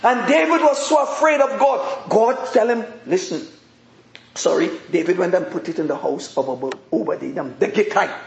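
A man preaching a sermon with passion, rising at times to shouting. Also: sits high, creaky. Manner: impassioned, rises to shouting. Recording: echoey room.

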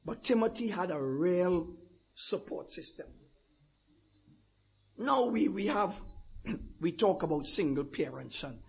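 High-voiced fervent preacher. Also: male voice, expressive, takes it slowly, creaky, long pauses, breathy edge. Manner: fervent, swinging from hushed asides to shouted declarations. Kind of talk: sermon.

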